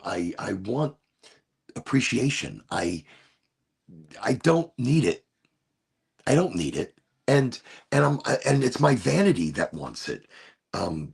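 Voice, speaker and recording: Male show host, rough gravelly voice, lively pitch, rambling and reflective. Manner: rambling, philosophical, repeats and restarts phrases. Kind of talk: reflective solo talk show monologue.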